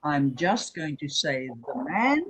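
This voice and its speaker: A Hebrew teacher lectures a class, patiently drilling each word through slow repetition and checking understanding with "okay?" and "remember". The voice is mid-range and sing-song, a bit bright with a breathy edge, and the audio is poor.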